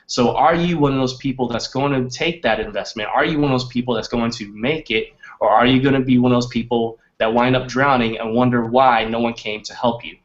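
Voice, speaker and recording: Male webinar host, mid pitch, pushy persuasive pitch, muffled audio. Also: fairly even intonation, a little fast, few pauses. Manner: emphatic, repetitive, rhetorical questions. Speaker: webinar host and sales coach. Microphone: webinar microphone.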